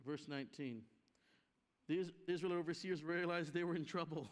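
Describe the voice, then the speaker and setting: Here a man with a somewhat high voice, speaking at normal speed, preaches as a guest at a conference in a church hall. He stresses his points and performs the voices of his story's characters, all captured with long hall reverb.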